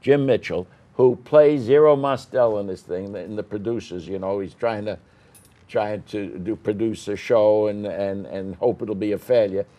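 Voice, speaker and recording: A man's voice: lowish voice, normal speed, warm tone. An older man interviewing theatre cast members, gushing and rambling with many fillers and restarts. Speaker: arts interviewer. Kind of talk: enthusiastic casual interview.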